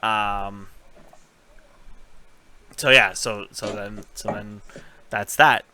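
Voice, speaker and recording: A man hosting a casual podcast recap, chatty, cursing freely and paraphrasing scenes in quick retellings. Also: fairly low pitch, fairly even intonation, bright, forceful tone, slight background noise. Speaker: podcast host.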